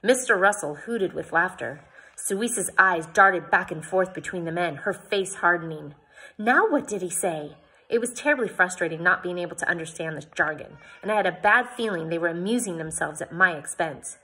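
Woman reading a novel aloud, expressive first-person narration, bright tone, slightly husky, lowish voice. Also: normal speed. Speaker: audiobook reader.

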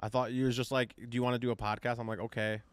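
A man co-hosting a casual podcast, ribbing his partner in a deadpan teasing way. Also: medium pitch, very fast, clear, resonant tone, dry recording. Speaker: podcast co-host. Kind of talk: casual chat.

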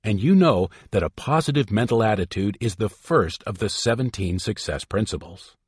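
A man's voice: on the low side, expressive, normal speed, husky, no room sound, studio quality. A man reading a self-help book aloud in an emphatic, instructive way. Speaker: audiobook reader. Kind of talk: scripted self-help narration.

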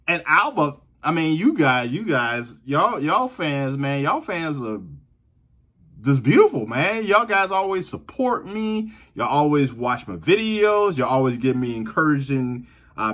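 A Southern US man with a medium-pitched, slightly bright voice chats eagerly to his viewers as a reaction video host. He talks casually straight to camera, repeats himself, and laughs a lot.

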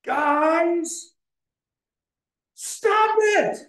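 A man voicing an exasperated male preacher who scolds his flock, shouting and pleading in frustration. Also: extremely high pitch, extremely slow, heavy reverb, far from the mic, voice pushed up, exaggerated voice.

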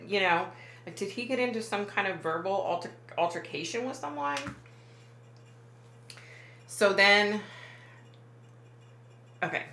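A woman's voice: mid-range voice, animated, unhurried, pauses often, pushed and bright, echoey room, a little hiss or hum. A woman working as a psychic medium, talking to camera in a casual, rambling way, often backing up and correcting herself. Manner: rambling, self-correcting, many fillers.

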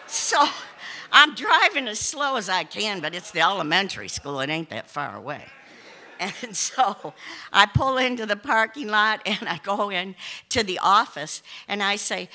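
A woman telling a personal story to a live audience, animated, often laughing and exclaiming. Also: medium pitch, unhurried.

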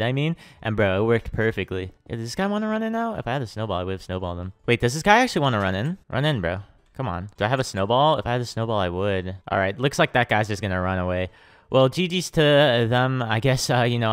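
Excitable young man commentating his game. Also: on the low side, clean tone, no room sound. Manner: excitable, hypes his wins with slang. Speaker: gaming channel host. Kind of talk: live gameplay commentary.

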